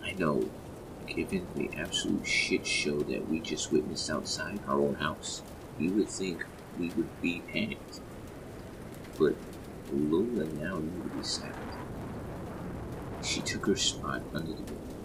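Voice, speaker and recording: A man narrating a horror story in first person, slow and measured. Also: very deep voice, wildly swooping pitch, noisy background.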